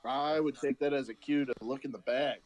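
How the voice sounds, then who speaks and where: A man playing a tabletop game, animated and stammering when excited. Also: medium pitch, fairly quick, crowd noise, poor audio. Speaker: player. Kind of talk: casual tabletop play.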